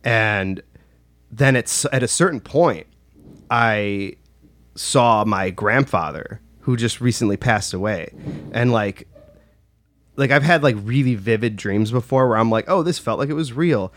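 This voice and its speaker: A man's voice: fairly low pitch, measured pace, fairly bright tone, no echo. A man telling a personal story in casual chat, rambling with lots of "like" and restarts. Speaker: storyteller recounting a personal experience.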